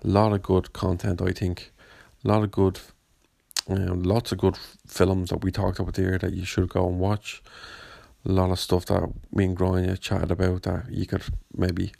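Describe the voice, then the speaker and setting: Gravelly man hosting a podcast. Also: low voice, monotone, normal speed, dark tone, no room sound. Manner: chatty, rambling, self-deprecating. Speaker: podcast host. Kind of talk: casual chat.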